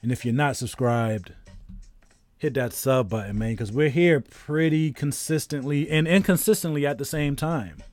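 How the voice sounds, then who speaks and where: A man's voice: mid-range voice, moderate pace, a little mellow, no echo. A man around thirty, a game streamer in casual live-stream chat, telling a rambling story while greeting viewers.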